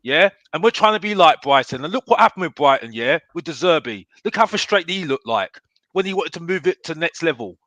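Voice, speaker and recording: Bloke on a football chat show, bright and punchy, keeps asking "yeah?". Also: male voice, on the high side, fairly quick, no room sound. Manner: animated, keeps adding "yeah?". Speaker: football podcast guest. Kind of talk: casual chat.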